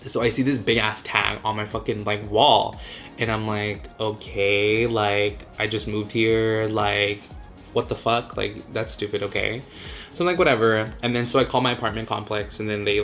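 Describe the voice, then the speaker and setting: A man's voice: on the low side, a bit bright. A man in his twenties from Southern California, telling a casual storytime vlog. He swears constantly, leans on "like," drops in Spanish words and acts out his own reactions. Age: 20s. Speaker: vlogger.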